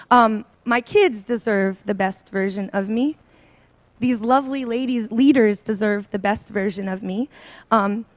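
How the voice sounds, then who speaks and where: Her voice a little high and free of echo, a woman in her thirties holds a handheld mic before a seminar audience. She shares a personal talk, bubbly and slightly nervous, peppered with ums and likes.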